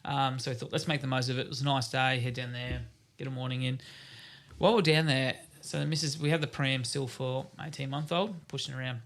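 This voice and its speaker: A man's voice: mid-range voice, little pitch movement, brisk, vocal fry, a bit bright. An Australian man in his thirties chatting casually on a podcast, telling stories about his kids with lots of laughter. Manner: laughing storyteller, acts out his kids' lines. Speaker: podcast co-host. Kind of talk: casual chat.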